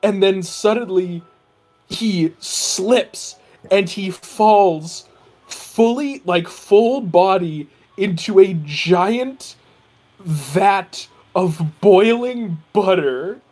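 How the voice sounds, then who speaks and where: A person in casual chat on a group call, telling a wild dream as an excited, laughing story with quick impressions. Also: medium pitch, soft background music. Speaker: game creator.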